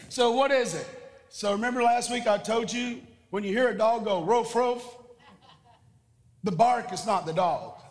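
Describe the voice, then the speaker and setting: A man preaching a sermon with prayer and call-and-response, emphatic and repetitive. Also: high voice. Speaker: pastor. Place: church sanctuary. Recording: church hall reverb.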